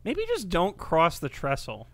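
Lively, skeptical male podcast co-host. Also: high voice, no echo. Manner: skeptical, quick reactions and wry asides. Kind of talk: casual podcast chat.

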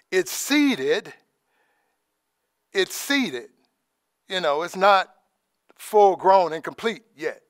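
A man giving an informal, conversational sermon as preacher, dropping in praise asides and trailing off softly. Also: sits high, smooth, no echo, studio quality. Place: church in Alaska.

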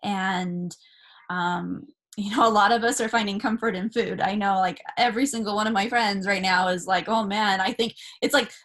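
A woman's voice: mid-range voice, steady tone, moderate pace, fairly bright tone. A woman in her thirties from Southern California, talking casually and earnestly about spiritual ideas to her camera, with many fillers and restarts. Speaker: spiritual vlogger.

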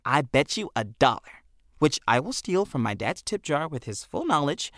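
Man doing a goofy hyper teen boy, pitched up, bouncy, kinda gravelly. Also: no room sound, studio quality. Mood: excitable. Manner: excitable, showy, quick-witted. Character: chatty, goofy skinny teenage boy. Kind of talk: audiobook character voice.

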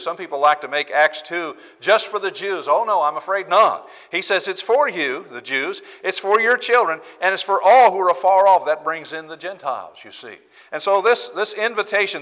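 A man's voice: a little high, pushed and bright. A man preaching a sermon in a church, emphatic and repeating phrases for stress. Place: church sanctuary. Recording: church hall reverb.

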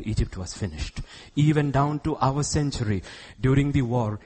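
A middle-aged man from India preaching a sermon in church, acting out God's words and shifting from hushed tones to loud outbursts. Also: mid-range voice, breathy edge. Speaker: pastor.

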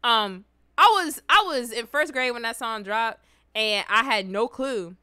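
Young woman reacting to a clip, super animated, bright voice, dry close mic. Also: on the high side, unhurried, smooth, no room sound. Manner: animated, slangy, exclamatory. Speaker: reaction video host. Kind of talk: casual reaction commentary and storytelling.

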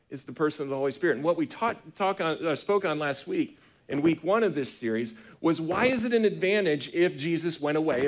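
A middle-aged man preaching a sermon as pastor, talking in a conversational, animated storytelling way with frequent restarts. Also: a little high. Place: church sanctuary.

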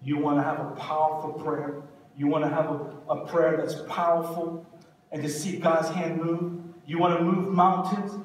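A man preaches a sermon in a high, earnest voice, driving his points home with steady repetition. He is picked up from far off in a very echoey church hall, with a faint hiss underneath. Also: moderate pace. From Korea. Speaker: pastor. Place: church sanctuary.

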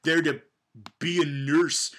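High-voiced young man rambling a movie recap. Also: steady tone, slow pace, fairly bright tone. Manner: rambling, many fillers and stammered restarts. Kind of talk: casual comedic movie recap.

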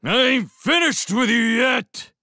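A man reading aloud and voicing a huge, surly drunk who talks in slow, slurring, belligerent bursts. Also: fairly high pitch, a bit bright, clean tone, no echo, studio quality, voice pushed up, heavily acted. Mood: bellowing.

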